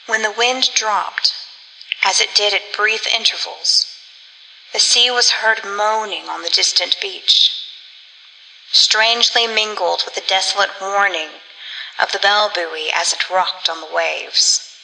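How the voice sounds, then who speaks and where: A woman reading a gothic story aloud as a narrator in measured storytelling. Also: mid-range voice, gravelly, sharp tone. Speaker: audiobook narrator. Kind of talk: scripted narration. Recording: long reverb.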